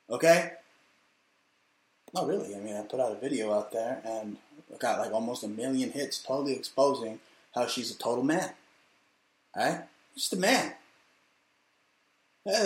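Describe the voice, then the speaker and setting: A man hosting a comedic monologue, ranting crudely and aggressively with shouted outbursts. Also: fairly high pitch, reverberant. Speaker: host.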